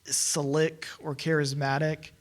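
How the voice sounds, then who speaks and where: A man's voice: on the high side, little pitch movement, slow. A young man co-hosting a movie review podcast, talking casually, rambling and cutting himself off mid-thought. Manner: rambling, self-interrupting, laughs often. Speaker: podcast co-host.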